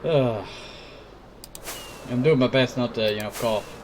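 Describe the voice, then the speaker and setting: A man's voice: mid-range voice, measured pace, noisy background. A sick man with a cough, rambling casually while commenting on his own gameplay. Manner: rambling, keeps saying "I tell you". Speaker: gameplay video host.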